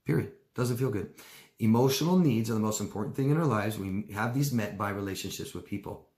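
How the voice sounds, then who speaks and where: A man coaching live and answering viewer questions in casual talk, rambling and repeating himself, now and then mimicking people in mocking high voices. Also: a little fast, a little mellow, reverberant.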